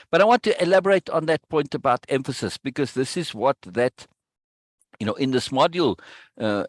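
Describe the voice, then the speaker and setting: A man's voice: on the high side, no echo. A man coaching a client, speaking emphatically and often checking in with "right?" or "yes?". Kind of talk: coaching session.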